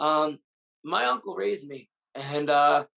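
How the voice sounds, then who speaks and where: A man with a somewhat high, gravelly voice talks through a candid interview. He is blunt and swears constantly. He opens up with raw emotion as a fighter and coach. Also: takes it slowly, sharp tone, poor audio. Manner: blunt, heavily profane, openly emotional. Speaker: Muay Thai fighter and coach.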